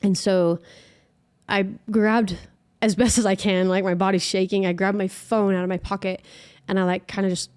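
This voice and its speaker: A woman's voice: mid-range voice, little pitch movement, moderate pace, darkish tone, clear, resonant tone. Young woman telling a personal story. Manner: chatty, heavy use of filler "like". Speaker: podcast guest.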